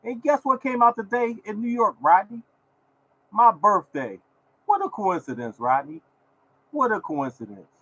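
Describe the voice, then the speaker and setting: A man's voice: high-pitched, very animated, measured pace, a bit bright, rough recording. A man hosting his own lottery podcast, talking in a repetitive, preachy way and scolding his listeners. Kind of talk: casual podcast rant.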